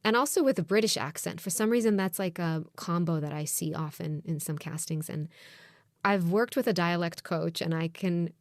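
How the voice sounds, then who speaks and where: A woman talks candidly on her podcast, her voice sitting a little low. She muses and reflects between brisk asides. The sound is dry and close, with no room around it. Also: no room sound. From raised outside Australia, Japanese father. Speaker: podcast co-host. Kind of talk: casual chat.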